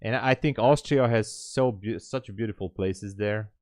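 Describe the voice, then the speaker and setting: Low, slow-talking man muttering through live trades. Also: a little mellow, no room sound, studio quality. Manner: laughs at himself, mutters at the screen. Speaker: day trader streaming live. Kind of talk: casual live-stream commentary.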